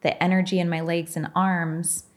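A woman's voice: fairly low pitch, flat delivery, moderate pace. A middle-aged woman being interviewed as a podcast guest, telling her story frankly and with animation, swearing and laughing often.

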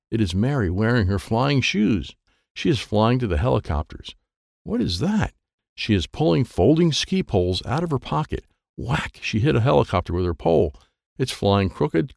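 A man reading a children's book aloud, lively and playful, with sound effects and character voices. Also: medium pitch, creaky, dry recording, clean studio sound. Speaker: audiobook reader.

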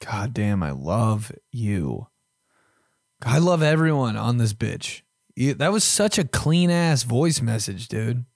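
Taking it slowly in a mid-range voice, a young man rants casually as host of his podcast, throwing in lots of swearing and mock voices. The delivery is profane and animated, in studio quality with no room sound.

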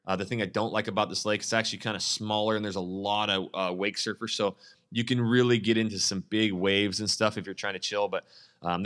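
A blunt, fired-up man with a somewhat low voice who talks casually and frankly. He is a real estate agent coaching other agents in a relaxed live Q&A, full of slang and straight talk.

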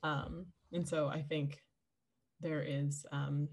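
A woman with a low voice co-hosting a casual podcast. She talks readily and with animation, tossing in quick asides as she goes. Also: little pitch movement, darkish tone, husky. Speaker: podcast co-host. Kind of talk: casual chat.

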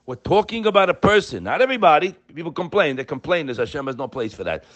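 A man's voice: fairly high pitch, big pitch swings, quick pace, fairly bright tone, muffled recording. An older man giving an impassioned sermon, emphatic and full of rhetorical questions. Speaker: religious teacher.

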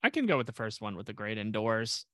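A man's voice: on the low side, big pitch swings, fast talker, bright, forceful tone, dry recording. A man co-hosting a podcast in casual chat, rambling with lots of restarts and dry jokes. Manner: rambling, restarts a lot, self-deprecating jokes. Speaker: podcast co-host.

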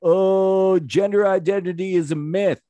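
Man parodying a blustering loudmouth pundit, pitched up, mocking rant, dry close sound. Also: steady tone, measured pace, no room sound, dull audio. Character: loudmouthed right-wing pundit man, ranting.

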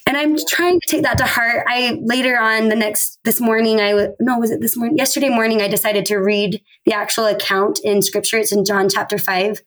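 A woman in her thirties sharing a personal faith testimony on a podcast, earnest and emotional, with halting restarts. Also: fairly high pitch, fairly even intonation, fairly bright tone, rough recording. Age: 30s. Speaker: podcast guest.

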